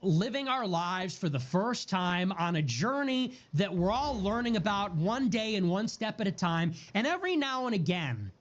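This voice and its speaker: A man's voice: high-pitched, very animated, normal speed, few pauses. A man giving a heated political monologue, repeating and stacking words in a building rhythm, with profane outbursts. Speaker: political streamer. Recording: dull lo-fi audio.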